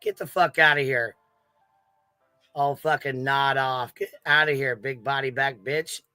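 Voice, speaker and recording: A man's voice: medium pitch, fairly even intonation, a little slow, pushed and bright, clear, resonant tone, no room sound, soft background music, low-quality recording. A man hosting reaction commentary, mocking and swearing at a clip he is reviewing. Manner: mocking, profane, combative. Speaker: commentary host.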